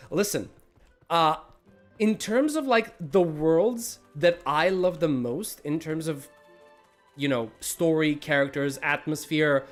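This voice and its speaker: Lively man streaming a game. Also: on the high side. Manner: rambling, self-deprecating, thinks aloud. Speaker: gaming livestreamer. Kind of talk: casual live gameplay commentary.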